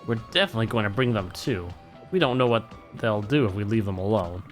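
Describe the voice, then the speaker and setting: A man with a fairly low voice streams a video game, speaking briskly over faint background music. He's animated and jokey, reading the dialogue aloud in playful put-on character voices and cracking jokes in between.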